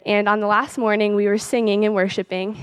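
A woman's voice: mid-range voice, little pitch movement, a little fast, clear, resonant tone, dry recording, studio quality. A teenage girl sharing a personal faith testimony in a chatty way, full of "like" and little laughs. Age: late teens. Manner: chatty, peppered with "like" and soft laughs.

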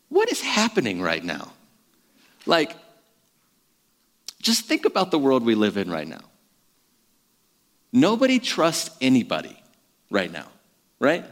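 A man's voice: mid-range voice, long reverb tail. A man in his thirties, a pastor preaching a sermon in a conversational, self-deprecating way with many fillers.

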